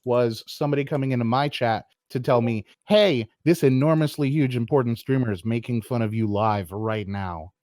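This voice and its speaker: A man's voice: mid-range voice, normal speed, few pauses, a little mellow, dry recording. Man, aggrieved and blunt, dry mic. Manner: earnest and aggrieved, blunt with swearing. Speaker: streamer. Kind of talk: casual talk on a voice call.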